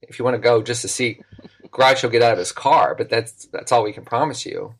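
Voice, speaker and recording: This middle-aged man is a podcast guest telling a story in casual chat, his mid-range voice a little fast and slightly rough. He's animated, acting out the voices of the people in his tale.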